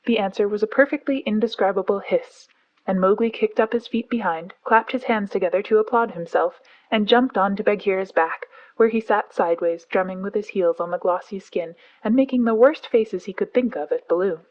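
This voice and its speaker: A woman narrating a classic story aloud as a calm audiobook for sleep. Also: medium pitch, brisk, muffled recording.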